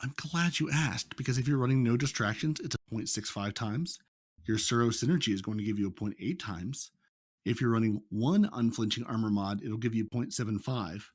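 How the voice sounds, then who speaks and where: A man from the United States on a casual podcast, reading out game numbers in a deadpan, methodical way. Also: medium pitch, a little fast, breathy edge, no echo, clean studio sound. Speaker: podcast co-host.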